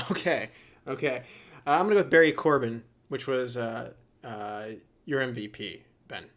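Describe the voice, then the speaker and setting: A man's voice: mid-range voice, moderate pace, fairly bright tone. A man co-hosting a casual movie podcast, joking around and laughing with his co-hosts. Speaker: podcast co-host.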